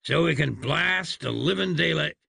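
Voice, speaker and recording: A man voicing an excitable, dim-witted young cowboy who boasts in a folksy way. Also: on the high side, moderate pace, gravelly, breathy edge, no room sound, studio quality, voice pushed up, heavily acted. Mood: eager.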